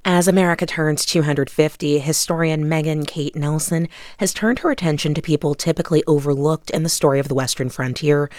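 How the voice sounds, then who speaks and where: A news anchor reading a scripted introduction in a smooth, even way. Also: mid-range voice, a little fast, hardly any pauses, no echo.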